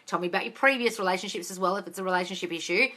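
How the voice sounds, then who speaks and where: A woman's voice: mid-range voice, rapid-fire, sharp tone. A woman manifesting coach answering viewer questions on a live stream, blunt and swearing, calling listeners darling.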